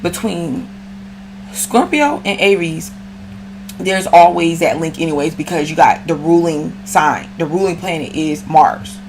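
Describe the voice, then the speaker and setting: A woman's voice: low-pitched, lively intonation, unhurried, gravelly, a little mellow, a little hiss or hum. A woman giving a casual, slangy astrology reading and talking straight to the viewer. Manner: slangy, chatty, addresses viewer directly. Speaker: astrology reader.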